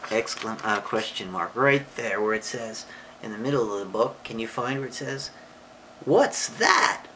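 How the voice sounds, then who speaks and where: A woman reading a picture book aloud to a child and explaining punctuation, patient and affectionate, with sudden high excited voices for exclamations. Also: normal speed, noisy background. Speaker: parent or relative reading to a child.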